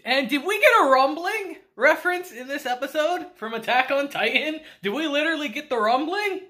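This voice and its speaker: A woman's voice: sits high, animated, fairly quick, bright, forceful tone. A woman casually recapping an anime episode, laughing often and using slang and profanity. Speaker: anime reviewer.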